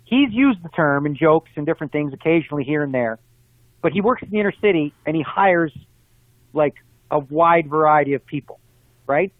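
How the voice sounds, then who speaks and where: A man calls in as an interview guest, his voice a touch higher than most. He talks fast and animated, making his case through examples. The line sounds tinny and phone-like, completely dry with no room around it. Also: no echo. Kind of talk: casual interview conversation.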